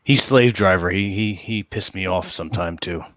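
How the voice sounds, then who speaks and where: A man's voice: deep voice, moderate pace, a bit bright, dry recording. A man playing a tabletop game, hesitant and thinking aloud as he plans his character's moves. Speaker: player. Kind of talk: casual tabletop play.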